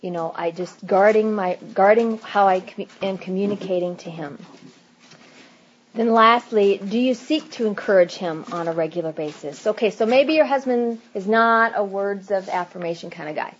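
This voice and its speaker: A woman in her thirties giving earnest, faith-based advice in casual talk, acting out little quoted asides in a hushed voice. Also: medium pitch, moderate pace, muffled recording, a little hiss or hum.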